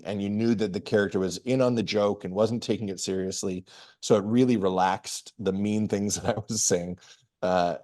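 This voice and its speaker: A middle-aged man, a comedian, answering interview questions in a relaxed, storytelling way with frequent restarts. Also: fairly low pitch. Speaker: guest comedian and performer.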